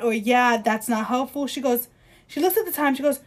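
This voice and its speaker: Heated, high-voiced woman ranting. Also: expressive. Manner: heated, emphatic, rapid ranting with apologies for shouting; reads quotes aloud in mock voices. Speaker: podcast co-host. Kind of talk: casual chat.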